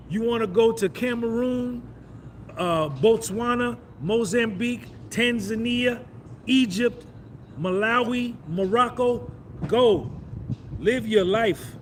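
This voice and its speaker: High-voiced man chatting on a live stream. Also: slight background noise. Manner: loose, boastful, repeats himself, shouts out viewers. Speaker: vlogger doing a live stream. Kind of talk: casual live-stream chat.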